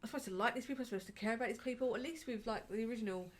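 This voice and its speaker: A woman co-hosts a relaxed film review. She is sarcastic and a little hesitant, searches for words, and murmurs along in agreement. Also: a little high, very fast. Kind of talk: casual chat.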